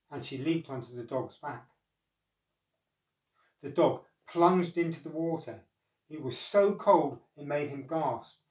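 A man narrating a storybook, measured and expressive. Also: fairly high pitch. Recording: echoey room, far from mic.

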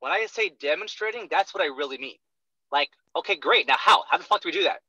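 A man's voice: on the high side, lively intonation, fast, bright, forceful tone, dry recording. A young man coaching a trainee in sales, talking bluntly with lots of swearing and a constant "right?", on a dull lo-fi recording. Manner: profane, emphatic, keeps asking "right?". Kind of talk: blunt one-on-one coaching talk.

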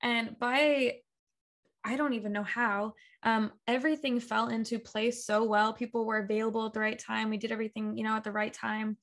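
Chatty woman telling a story, high voice. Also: normal speed. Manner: animated storyteller, acts out quoted dialogue, laughs often. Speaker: guest, talk show creator. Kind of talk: casual interview chat.

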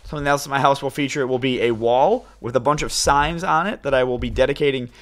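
A young man giving casual, excitable let's-play commentary to his viewers as he plays. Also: mid-range voice, quick pace. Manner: chatty, excitable, talks to viewers as "you guys". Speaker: gaming YouTuber.

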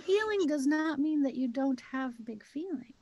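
Higher-pitched woman telling stories emphatically. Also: animated, moderate pace, mellow, no room sound, highs cut off. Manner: storytelling, emphatic, repeats key words. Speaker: co-host. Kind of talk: casual heart-to-heart chat.

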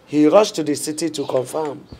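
A woman's voice: deep voice, moderate pace, mellow, a little hiss or hum, natural voice. An actress with a Nigerian accent playing a middle-aged wife in a film drama who scolds her husband indignantly. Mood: worried. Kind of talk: Nollywood film acting.

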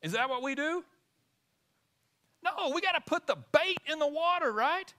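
In a church sanctuary, a pastor delivers a sermon, keeping his congregation involved by asking question after question. His high, bright voice rises and falls widely, and he's animated at a moderate pace.

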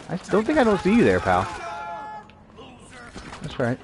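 A man's voice: a little high, wildly swooping pitch, moderate pace, pauses often, a little hiss or hum. A man streaming a shooter game, commenting playfully as he taunts enemies and acts mock-offended. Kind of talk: live gameplay commentary.

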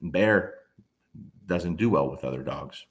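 A man in his fifties with a very low, deep voice tells a story in a blunt, emphatic way. He swears freely and keeps hammering his points home in casual talk. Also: lively intonation, slow. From New Jersey. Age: 50s. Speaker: dog trainer.

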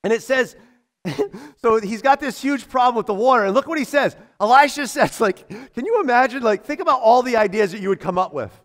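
High-voiced animated man preaching. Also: brisk. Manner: animated, acts out voices, laughs often. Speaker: pastor. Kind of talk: sermon. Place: church.

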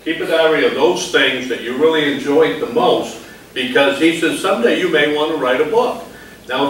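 An older man with a bright, sharp voice, reminiscing in a folksy, chatty way. His voice comes from a distance in an echoing hall, with some faint room noise. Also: fairly high pitch. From Maine. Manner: folksy, conversational. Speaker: retired game warden, guest speaker. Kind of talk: reflective storytelling to an audience. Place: library meeting hall. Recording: echoey hall, mic far off.

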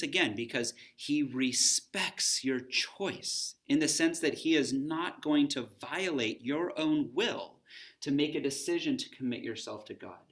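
Man, bible teacher, recorded lesson, conversational, poses questions, mid pitch. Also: fairly bright tone. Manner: conversational, pauses to pose questions.

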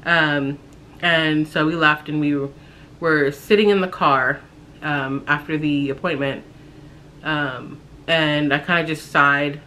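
Young woman, bright voice, casual storytime, halting, fillers and restarts, soft background hum. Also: low-pitched, fairly even intonation. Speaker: vlogger telling her pregnancy story.

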